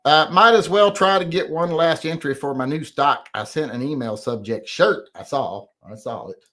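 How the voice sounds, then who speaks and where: A man's voice: a little high, normal speed, bright, forceful tone. A middle-aged man hosting a casual livestream chat, rambling and profane as he reads out comments and grumbles defensively about critics. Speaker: host.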